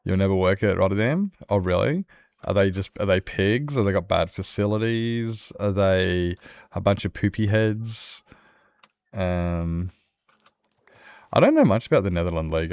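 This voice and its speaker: Chatty Australian streamer, male, lowish voice, dry close sound, rambles and laughs easily while he plays. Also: gravelly, darkish tone, no room sound. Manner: rambling and chatty, laughs often, many restarts. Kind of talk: casual chat with viewers while playing a survival game.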